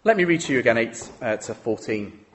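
A man's voice: mid-range voice, animated, brisk, slight background noise. A man preaching a sermon in a conversational way, often asking rhetorical questions.

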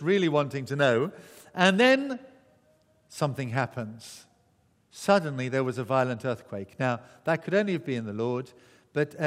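A man preaching a sermon, telling the story vividly and acting out the voices. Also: fairly high pitch. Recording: echoey hall.

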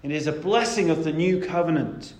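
A man's voice: on the high side, brisk, a little mellow, roomy sound. A man preaching a sermon in a conversational, emphatic way, stressing key words.

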